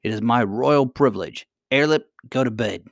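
A man's voice: mid-range voice, normal speed, creaky, no echo, studio quality, close to an everyday voice. A man voicing a spiteful, haughty goblin queen in an imperious, scornful manner. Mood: triumphant.

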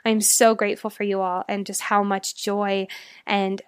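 A woman's voice: medium pitch, level tone, normal speed, clear, resonant tone, dry recording. Brief: young woman life coach, solo podcast host, heartfelt and motivational, dry close mic. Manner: earnest, emotional, motivational.

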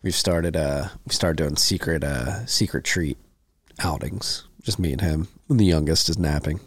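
A man's voice: extremely low pitch, normal speed, husky, no room sound, clean studio sound. A young adult man, the podcast host, chatting casually about his small kids. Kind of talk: casual chat.

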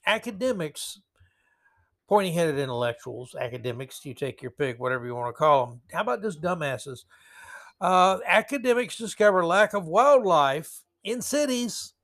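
A man's voice: fairly high pitch, lively intonation, moderate pace, fairly bright tone. A man hosting a solo commentary podcast, reading news quotes and adding sarcastic, rambling asides. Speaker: podcast host.

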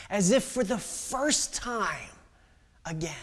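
A man with a notably high voice delivers an impassioned sermon. He retells a scripture story with voices for each figure. His volume swings from ringing peaks down to near-whispers. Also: animated, normal speed. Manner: dramatic swings from loud to hushed whisper. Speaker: pastor.

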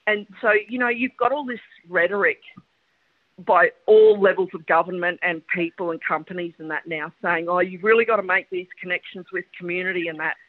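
A middle-aged woman, a guest telling stories about her teaching career in a lively, animated way. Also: lowish voice. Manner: animated, lively storyteller with quick laughs. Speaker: podcast guest, educator. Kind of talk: storytelling interview chat. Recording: tinny phone line.

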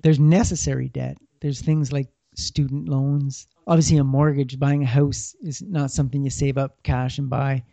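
A man's voice: medium pitch, flat delivery, moderate pace, vocal fry, hardly any pauses, mellow, no room sound. A man giving plainspoken money advice in casual talk, often repeating words as he thinks. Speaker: financial guest. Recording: dull lo-fi sound.

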